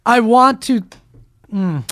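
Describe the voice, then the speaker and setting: High-voiced man hosting a podcast. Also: dry recording, clean studio sound. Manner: relaxed, swears casually, steers the topics. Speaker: podcast host. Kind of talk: casual chat.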